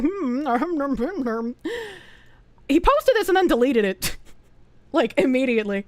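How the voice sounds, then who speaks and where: A high-pitched woman streaming from home, ranting to her chat with lots of swearing and sudden gasps. Her voice is close and dry on a desk mic, with no room sound around it. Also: lively intonation, dry recording. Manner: profane, exasperated, quick to gasp and laugh. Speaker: streamer reading chat and posts. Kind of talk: casual livestream chat.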